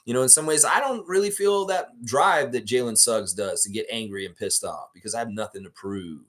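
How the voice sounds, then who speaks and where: A man's voice: medium pitch, brisk, fairly bright tone. A man hosting a live basketball fan stream, talking in a blunt, rambling, profane way and reading viewer comments aloud. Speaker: sports fan show host.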